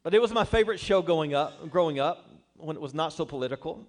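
Emphatic preacher with a fairly high voice. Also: male voice, expressive, quick pace. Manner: emphatic, asks the congregation rhetorical questions; tells humorous personal stories. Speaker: pastor. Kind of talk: sermon.

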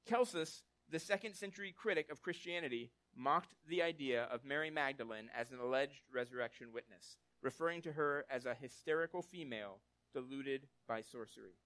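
A man's voice: mid-range voice, brisk, few pauses. A man preaching a sermon in a casual, conversational way, often checking in with listeners and acting out short quotes as he tells the story. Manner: conversational, tag questions like "right?"; animated storytelling with acted quotes. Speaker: pastor.

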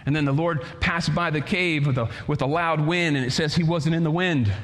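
Male pastor, fairly high voice, fervent sermon delivery in a reverberant church hall. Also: steady tone, brisk, fairly bright tone. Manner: preaching with swells of volume and stretched phrases.

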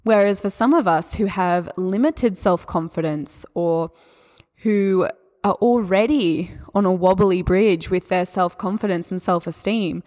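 An Australian woman hosting a solo mindset podcast, talking in a gentle, encouraging, spiritual way. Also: mid-range voice, a little slow. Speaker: podcast host and mindset coach.

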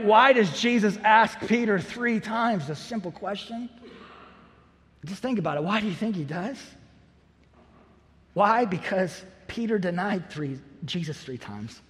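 A man preaching a sermon as a pastor, earnest and driving home key phrases by repeating them. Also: high voice. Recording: long hall reverb.

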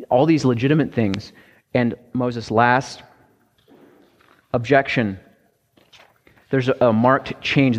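A man preaching a conversational sermon, halting at times with restarts and fillers. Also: mid-range voice. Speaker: pastor. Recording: long hall reverb.

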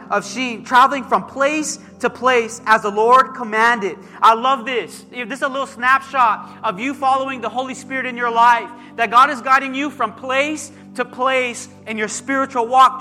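A man preaching a sermon as pastor, emphatic and animated, calling out to his congregation. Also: very high-pitched. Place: church sanctuary. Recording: long hall reverb with faint music.

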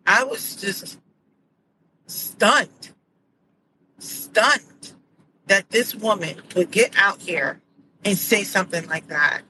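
A middle-aged woman talks straight to her podcast listeners, telling stories and calling out what bothers her with firm, indignant emphasis. Her delivery is casual and conversational. A steady layer of background noise sits under her voice throughout. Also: mid-range voice, a little slow, poor audio. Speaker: podcast host. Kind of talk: casual commentary monologue.

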